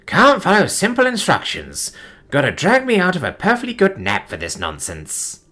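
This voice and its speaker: A man's voice: high-pitched, huge pitch swings, normal speed, pushed and bright, pitched above the performer's own voice, full character voice. A man voicing a grumbling, brash cat-like alien woman who has just been woken from a nap. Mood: irritated. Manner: grumbling, then purring and flirtatious.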